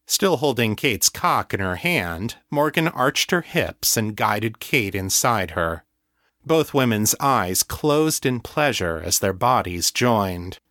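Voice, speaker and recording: Slow, low-voiced male narrator. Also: sharp tone, dry recording, studio quality. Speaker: audiobook narrator. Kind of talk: scripted narration.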